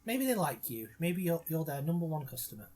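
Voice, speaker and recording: A man's voice: fairly high pitch, sing-song, fairly quick, over a noisy crowd. A man co-hosting a casual film commentary, joking around and eating while he talks. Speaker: commentary co-host.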